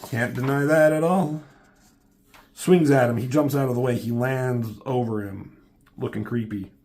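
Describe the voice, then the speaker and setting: Dude reviewing a comic, swears a lot, gravelly voice, rambles on. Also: male voice, mid-range voice, normal speed, a little mellow, a little hiss or hum. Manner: profane, rambling and joking. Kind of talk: casual comic review, reading along.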